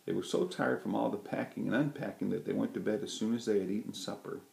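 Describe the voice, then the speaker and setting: A man reading a children's story aloud with a gentle, lively delivery. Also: fairly low pitch, fast, creaky. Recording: roomy echo.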